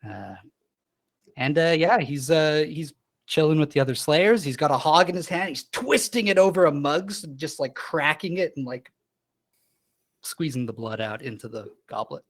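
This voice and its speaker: A man, a player in a tabletop game, casually describing his character with halting pauses. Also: fairly high pitch, animated.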